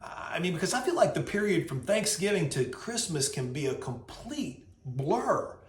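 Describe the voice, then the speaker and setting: A man hosting a weekly video, telling a story in a lively, casual way and acting out the voices. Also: on the high side, normal speed. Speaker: host. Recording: roomy echo.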